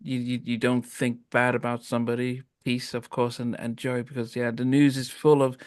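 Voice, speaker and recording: A man hosting a casual interview, speaking haltingly with many restarts and soft murmurs of agreement. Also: medium pitch, level tone, clean tone, no room sound, clean studio sound. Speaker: interview host.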